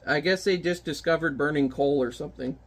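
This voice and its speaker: A man's voice: a little high, a little fast. A man giving casual, wry commentary while reviewing an old comic book. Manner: wry, chatty, offhand remarks.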